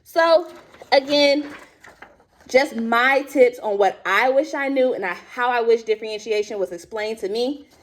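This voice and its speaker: A woman who teaches high school drama, presenting teaching tips to other teachers in a lively, chatty and direct way. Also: a little slow, a little hiss or hum.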